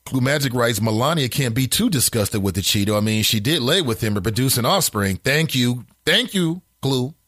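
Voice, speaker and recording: Reading listener comments in a flatter tone, a male talk show host answers them with animated disbelief and laughter on a casual call-in program. His pitch swings widely when he's worked up, and he talks at a moderate pace. The sound is dry and close, with no room around it.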